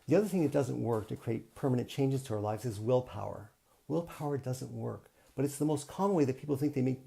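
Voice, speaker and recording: Gravelly, mellow-voiced man coaching. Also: medium pitch. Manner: earnest, repetitive, teacherly. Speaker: self-help coach. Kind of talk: live-streamed motivational talk. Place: home, streaming live online.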